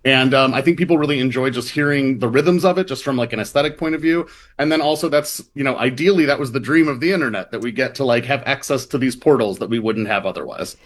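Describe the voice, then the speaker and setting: A man's voice: medium pitch, quick pace. Male reporter guest, mid-range voice, loose and chatty, restarts often. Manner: rambling, restarts, acts out quoted voices. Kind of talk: casual interview chat.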